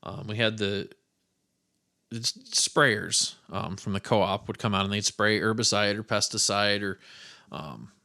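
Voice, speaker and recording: A man's voice: lowish voice, a little slow, gravelly, bright, forceful tone. A man hosting a solo podcast, telling stories in a loose, rambling way with casual swearing. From American Midwest. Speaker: podcast host.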